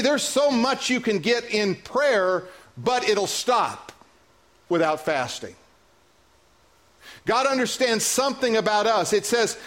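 A high-pitched male pastor preaching in a church, his delivery animated and playful. He acts out little dialogues and drops into quieter, earnest stretches. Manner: animated preaching, acting out voices, joking with the congregation. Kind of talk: sermon.

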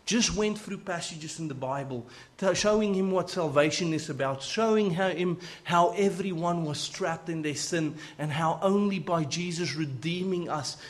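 Casting note: man preacher, earnest animated storyteller, slightly higher voice. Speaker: preacher telling a testimony. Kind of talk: sermon storytelling.

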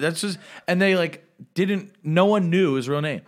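A young man co-hosting a podcast, telling a drunken story in casual, profane chat and loudly acting out the people he quotes. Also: on the high side, normal speed, few pauses. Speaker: podcast co-host.

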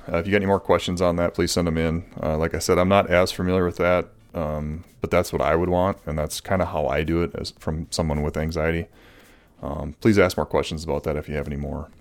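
A man hosting a solo podcast, answering listener questions in an earnest, rambling way with many fillers and restarts. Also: extremely low pitch. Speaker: podcast host.

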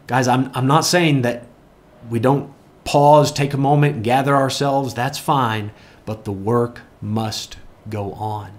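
A man's voice: mid-range voice, steady tone, takes it slowly. A man preaching a sermon, telling a story earnestly and repeating key phrases for emphasis. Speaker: pastor.

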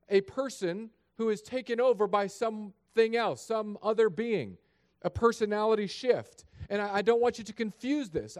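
Speaking straight to his congregation in a chapel, a pastor delivers a sermon, reading scripture and praying in a sincere, down-to-earth way. He has a high-pitched voice.

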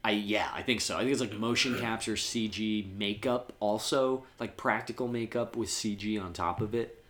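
A man's voice: normal speed, roomy sound, background noise. A man in casual chat, recapping film scenes and quoting the characters' lines. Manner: retells scenes with quoted lines, drops to a low murmur.

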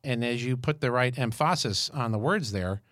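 A man's voice: mid-range voice, normal speed, dry recording, studio quality. Fifty-something man telling a story. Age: 50s. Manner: storytelling, animated and jokey. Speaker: podcast co-host. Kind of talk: casual chat.

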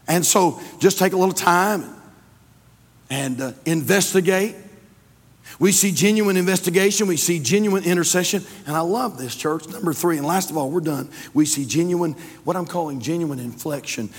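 A man, a pastor preaching a sermon in a church, swinging between loud fervor and hushed tones. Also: fairly high pitch, moderate pace, husky, long reverb tail. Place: church sanctuary.

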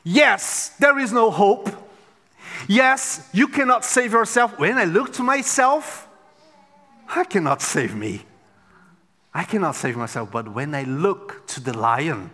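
A pastor with a high voice delivers a slow sermon in a hall, swinging dramatically from loud exclamations to near-whispers. The recording carries a long hall reverb.

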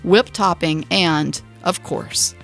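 A woman co-hosting a podcast, chatting casually, laughing often and acting out quotes in a high squeal. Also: slow, gravelly, fairly bright tone, faint music behind. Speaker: podcast co-host. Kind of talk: casual chat.

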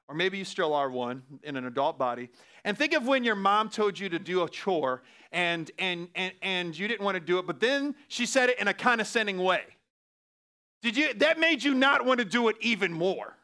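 With a high voice, a pastor delivers his sermon casually and with plenty of laughter, moving back and forth between hushed phrases and loud outbursts.

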